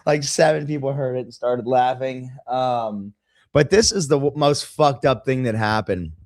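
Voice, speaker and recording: A man's voice: mid-range voice, moderate pace, no echo, clean studio sound. A man hosting a podcast, telling crude stories in casual chat and laughing at his own jokes. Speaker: podcast host.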